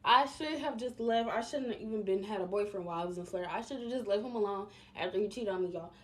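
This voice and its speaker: A woman's voice: medium pitch, fast talker. A young woman, chatting casually to her viewers as she tells a story about her life. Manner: chatty and emphatic, addresses viewers directly. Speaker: vlogger.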